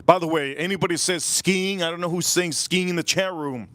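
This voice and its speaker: A man's voice: sits high, steady tone, fairly quick, fairly bright tone. A man hosting a live stream, rambling through stories and repeating himself as he talks to his chat. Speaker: livestream host.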